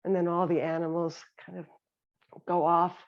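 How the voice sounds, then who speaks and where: A woman meditation teacher giving a gentle, reflective talk on compassionate listening. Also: lowish voice, little pitch movement, normal speed. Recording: slightly dull lo-fi sound.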